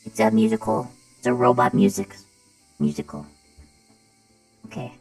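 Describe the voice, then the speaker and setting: A woman's voice: on the high side, wildly swooping pitch, moderate pace, creaky, loud music behind the voice, low-quality recording. A young woman streamer chatting playfully while testing voice filters. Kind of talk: casual stream chat.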